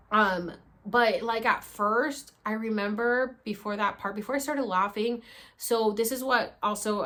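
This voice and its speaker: A young woman vlogger telling a story to the camera in a casual, animated way, acting out quotes and swearing freely. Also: medium pitch. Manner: animated, acts out quotes with sudden loud bursts.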